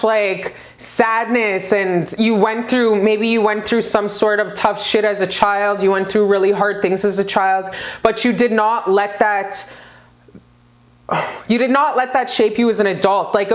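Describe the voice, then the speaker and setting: A woman giving a casual pick-a-card tarot reading, gushing and profane, with bursts of high excitement.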